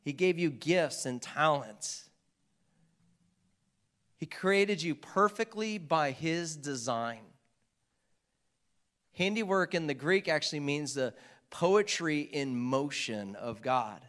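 Man preaching with a light, higher voice. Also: very animated, takes it slowly, long pauses, a bit bright. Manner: conversational preaching with asides and jokes to the congregation. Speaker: pastor. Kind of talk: sermon. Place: church.

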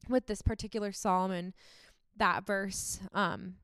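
A woman's voice: mid-range voice, steady tone, a little slow, a bit bright, no room sound, studio quality. A young woman talking on a faith podcast, heartfelt and emotional, with lots of "um" and "like". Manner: heartfelt, emotional, many fillers like "um" and "like". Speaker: podcast co-host.

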